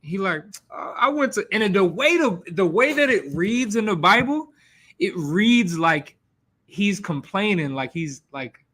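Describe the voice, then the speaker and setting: A man's voice: sits high, unhurried. A man teaching a Bible class in a casual, slangy way, acting out the quotes as he goes. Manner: animated, slangy, acts out quotes.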